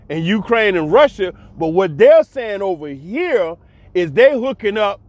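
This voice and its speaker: Guy ranting straight to camera, emphatic and repetitive, kinda high pitched, muffled lo-fi audio. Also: no echo. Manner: emphatic, repetitive, blunt and profane. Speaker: commentator. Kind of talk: casual monologue commentary. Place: abroad.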